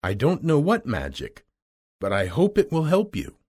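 A man voicing a kind little old woman, a gentle witch, speaking slowly and soothingly in a storybook reading. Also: on the high side, wildly swooping pitch, breathy edge, voice pushed up, exaggerated voice. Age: over 60.

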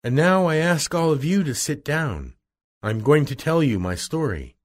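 A man's voice: fairly high pitch, expressive, moderate pace, voice pushed up, close to an everyday voice. A man reading aloud and voicing a frightened little old male wizard who speaks in a small, pleading voice. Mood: explaining.

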